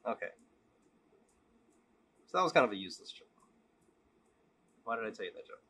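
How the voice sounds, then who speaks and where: A man vlogging, telling a long joke and then talking candidly in a relaxed, casual way. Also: on the low side, normal speed, husky. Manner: relaxed, candid, repetitive storytelling. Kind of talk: joke storytelling and casual reflection.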